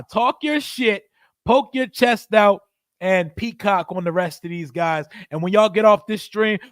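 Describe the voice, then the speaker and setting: A man's voice: high-pitched, dry recording, clean studio sound. A man in his forties hosting a post-game fan livestream, hyped up and trash-talking brashly. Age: 40s. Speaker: livestream host.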